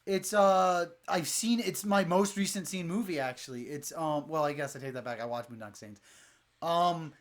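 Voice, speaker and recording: A man's voice: on the high side, normal speed. Rambling young man chatting with friends. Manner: rambling, profane, laughs often. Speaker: podcast co-host. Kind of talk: casual chat among friends.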